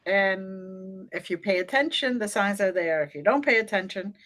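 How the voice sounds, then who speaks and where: A woman's voice: mid-range voice, moderate pace, a bit bright. A woman co-hosting an interview, chatting casually and encouraging her guest. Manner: encouraging, sprinkles in listening sounds. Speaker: co-host.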